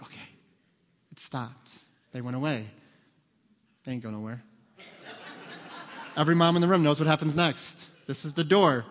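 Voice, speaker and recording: A middle-aged man delivers a lively sermon from the pulpit, cracking jokes and slipping into quick voices for the people in his stories. His voice sits a little high for a man. A long reverb trails after him through the large church. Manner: lively, joking, acts out voices of children. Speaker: pastor. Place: church sanctuary.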